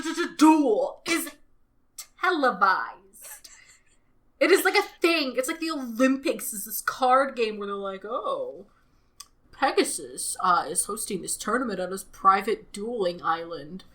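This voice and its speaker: A woman co-hosts a podcast in loose, casual chat. She has a high, bright voice whose pitch swings widely. She swears freely and jumps into riffs and impressions. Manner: animated, swearing, riffing with impressions. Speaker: podcast co-host.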